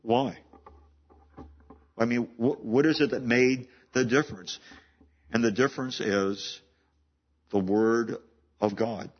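A man's voice: medium pitch, fairly even intonation, slow, pauses often, husky. Man, preacher, sermon, stumbles and repeats words, muffled lo-fi sound. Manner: repeats words and restarts often, conversational. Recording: dull lo-fi sound.

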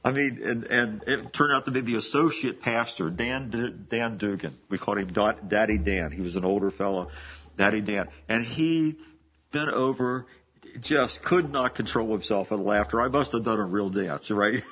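A man's voice: lowish voice, moderate pace, highs cut off, a little hiss or hum. A man in his seventies preaching a sermon in a conversational, storytelling way, often restarting phrases and laughing. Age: 70s. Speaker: pastor.

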